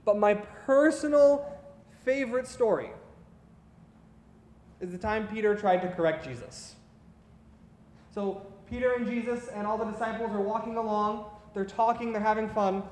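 A man delivers a sermon, telling stories in an earnest, conversational way. His voice sits high, and it rings out in a roomy hall with a long, trailing reverb. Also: normal speed, long pauses, a little mellow. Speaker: preacher.

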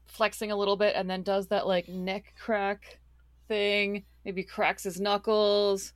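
A woman's voice: mid-range voice, level tone, takes it slowly, smooth, no echo. A woman playing in a tabletop game, chatting and laughing while she describes her character's moves. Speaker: player. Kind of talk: casual tabletop play.

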